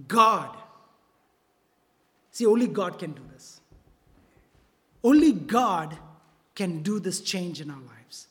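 A preacher giving a sermon in a church, repeating key phrases and often checking in with the congregation with a quick "right?" or "okay?". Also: medium pitch, lively intonation. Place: church sanctuary. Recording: long reverb of a large hall.

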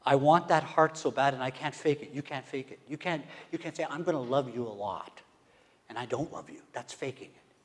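A man's voice: medium pitch, fairly quick. Emphatic preacher man in a reverberant hall. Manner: swings from hushed whispers to loud emphatic calls; asks the congregation questions. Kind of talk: sermon.

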